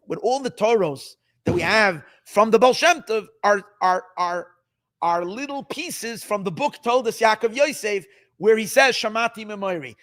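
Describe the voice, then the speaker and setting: A high-pitched rabbi telling a dramatic tale to his listeners, animated and repeating himself as he builds the scene. He sprinkles in Yiddish words and restarts his sentences. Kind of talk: sermon storytelling.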